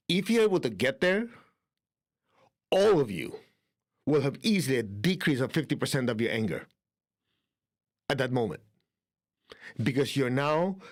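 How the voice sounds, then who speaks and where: A man giving a spiritual healing lesson at a middle pitch, talking to his listeners in a relaxed, conversational way. He keeps checking whether they follow and slips into short acted-out inner monologues. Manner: acts out inner dialogue in quoted asides. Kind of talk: instructional talk on spiritual healing.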